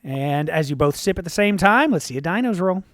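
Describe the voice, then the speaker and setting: A man narrating a tabletop game as game master, relaxed and rambling with fillers. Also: fairly high pitch, a little fast, dry recording, clean studio sound.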